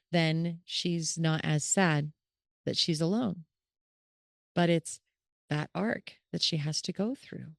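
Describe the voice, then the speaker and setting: Earnest woman podcaster, low dry voice. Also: creaky, no echo. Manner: earnest, animated, acts out quoted thoughts. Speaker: podcast host and caregiver. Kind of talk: casual solo podcast talk.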